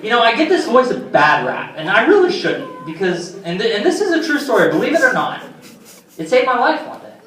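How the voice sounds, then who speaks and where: A man's voice: very high voice, very animated, a little fast, fairly bright tone, a faint crowd, slight background noise. A young man doing stand-up, telling rambling, self-deprecating stories full of fillers, recorded from far off in a roomy hall. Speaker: stand-up comedian. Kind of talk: stand-up comedy storytelling.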